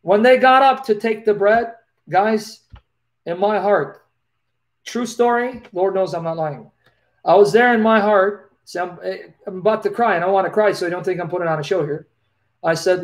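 A man's voice: high-pitched, moderate pace. A man hosting a live Q&A over a video call, telling a personal story in an earnest, emotional way and often repeating his phrases. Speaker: host of a live Q&A.

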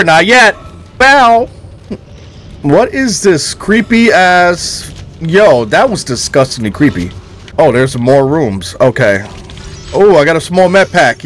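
Excitable high-voiced young man gaming. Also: slight background noise. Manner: loud, excitable, profane, laughs often. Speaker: gaming streamer. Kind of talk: live gameplay commentary. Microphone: headset.

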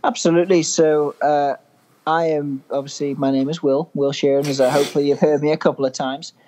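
A man's voice: on the high side, little pitch movement, brisk, warm tone, low-quality recording. A young man from England with a mild northern English accent, a podcast guest telling stories in a chatty, good-humoured way. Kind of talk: casual chat.

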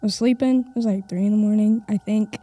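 Young woman from the crowd telling her spooky story, very dark mellow tone, lots of likes. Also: medium pitch, fairly even intonation, quick pace, no echo. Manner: chatty, lots of fillers, nervous laughs. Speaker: audience member telling a ghost story. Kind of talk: casual storytelling.

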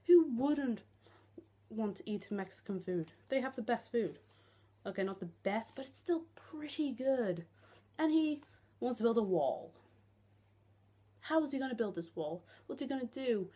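A woman's voice: on the high side, expressive, measured pace, mellow, breathy edge. Young woman ranting bluntly. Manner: blunt, sarcastic, heavy swearing. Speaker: vlogger. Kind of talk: ranting vlog.

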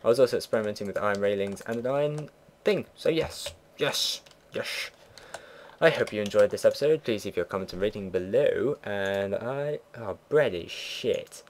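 A man's voice: on the low side, normal speed. Teen guy rambling through a let's play at his computer, swears a bit, keyboard clicks and faint hiss behind. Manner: rambling, chatty, swears offhand. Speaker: gameplay commentator. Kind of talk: casual let's play commentary.

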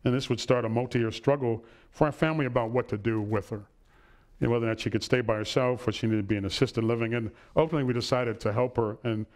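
A man's voice: medium pitch, steady tone, quick pace. A middle-aged man giving a personal lecture to an audience in a hall, telling family stories and checking in with "right?". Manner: warm storytelling, asks "right?" often.

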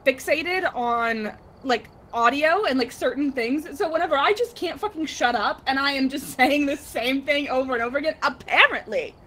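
A woman's voice: high-pitched, normal speed, hardly any pauses, fairly bright tone. A woman chatting casually with a friend during a gaming stream, rambling and giggling.

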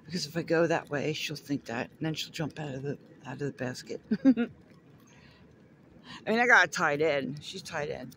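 A high-voiced man from Florida rambles cheerfully to a handheld camera as he rides down neighborhood streets outdoors. He giggles often and keeps talking to his dog. Loud outdoor noise, passing traffic and birds sit underneath his voice. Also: normal speed. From Florida, USA. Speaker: artist vlogger. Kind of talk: casual chat while riding around. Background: outdoor ambience, vehicles, birds.

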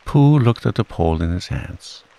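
A man calmly reading a bedtime storybook aloud, in a soothing manner. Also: on the low side, normal speed, vocal fry. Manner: calm, soothing. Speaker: narrator.

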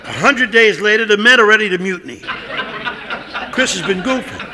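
A man telling a comic story as a stand-up routine, animated and lively. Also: sits high, a little fast, in a large hall, noisy background. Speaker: comedian.

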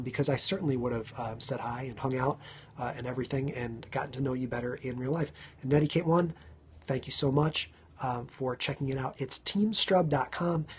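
A man in his thirties with a medium-pitched, slightly rough voice hosts a casual live stream. He chats with viewers, thanks them by name and fills gaps with ums.

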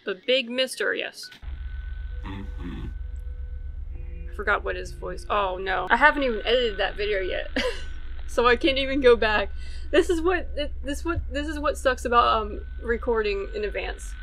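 A woman's voice: fairly high pitch, normal speed, a bit bright, soft background music. A woman casually commentating on a game as she plays, chatty and thinking aloud. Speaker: let's play host.

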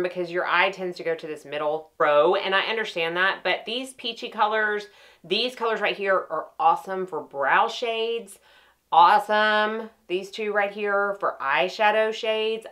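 Woman, middle-aged, bright slightly low voice, chatty enthusiastic makeup talk to camera. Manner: chatty and enthusiastic, often restarting sentences. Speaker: makeup artist reviewing her palettes. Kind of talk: casual chat to camera.

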